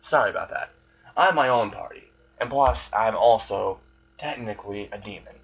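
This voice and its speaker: A man's voice: fairly low pitch, normal speed, fairly bright tone, husky, highs cut off. A man voicing a smug young demon. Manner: sarcastic, casually menacing. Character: arrogant young male demon, annoyed by fans.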